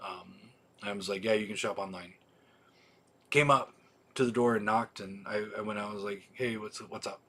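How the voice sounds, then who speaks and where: Husky guy rambling on a store livestream, cusses a lot, lots of ums. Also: lowish voice, steady tone, moderate pace, a bit bright. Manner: rambling, profane, with many ums and restarts. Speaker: video store owner hosting a weekly livestream. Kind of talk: casual livestream chat.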